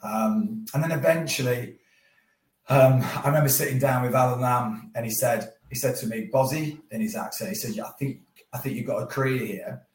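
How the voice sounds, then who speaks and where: A man in his forties chats as a guest on an interview show, telling stories at a steady mid pitch. He talks with animation and laughs often. The room around him is noticeably echoey. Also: moderate pace. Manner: animated storytelling with frequent laughs. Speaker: guest, former professional cricketer. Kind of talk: casual chat. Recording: roomy echo.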